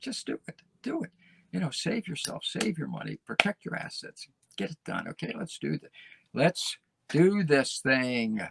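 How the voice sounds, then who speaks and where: A man's voice: on the high side, very animated, moderate pace, gravelly, pushed and bright, breathy edge. A male host giving a folksy, emphatic monologue, often repeating phrases and tagging lines with "okay?". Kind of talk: casual talk show monologue.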